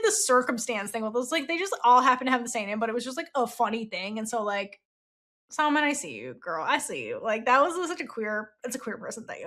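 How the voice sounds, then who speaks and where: Female podcast host, fairly high voice with lively swings, casual and animated, quick to laugh. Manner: animated, laughs often, acts out quotes. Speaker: podcast host reviewing a novel. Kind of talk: casual chat.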